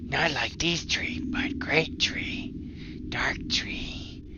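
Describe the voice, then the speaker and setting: A man's voice: drawn-out words, lo-fi sound. A man voicing a timid male goblin who speaks in broken, whispery sentences. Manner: broken grammar, high and whispery.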